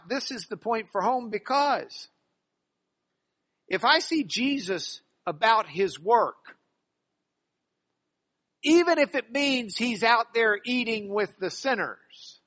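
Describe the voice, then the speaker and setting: A man preaching in a church with a high, bright voice. He is lively and playful, and he acts out the scripture he quotes with humor. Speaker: pastor. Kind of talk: sermon.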